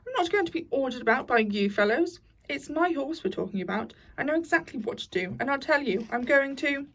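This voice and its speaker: A woman reading aloud puts on a vain, swaggering storybook toad, pitched a touch high with a gravelly edge. He struts through his words, all self-important bluster. The voice sits a little back from the microphone. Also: animated, a little fast, far from the mic. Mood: excited. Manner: swaggering, puffed-up bragging. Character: boastful conceited male toad.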